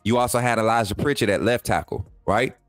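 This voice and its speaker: A man's voice: lowish voice, fairly quick, no echo, soft background music. A man, hosting a live sports stream in a chatty way, repeating himself and talking straight to his viewers. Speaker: sports channel host.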